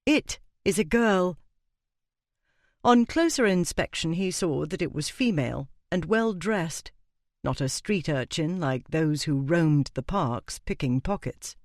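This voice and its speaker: Male audiobook narrator, expressive, animated delivery in a dead-dry booth. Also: a little high, unhurried, dry recording. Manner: expressive storytelling with character voices.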